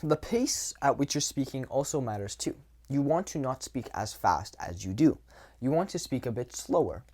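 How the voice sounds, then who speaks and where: Young male dating coach, casual and blunt, middle pitch, acts out examples. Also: a little mellow. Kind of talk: casual talking-head advice.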